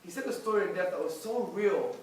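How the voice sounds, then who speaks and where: A man telling a personal conversion story to an audience in emphatic bursts, switching between hushed and loud. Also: sits high, lively intonation, fairly quick, slight background noise. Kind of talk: animated personal testimony to a live audience. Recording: echoey hall, picked up from a distance.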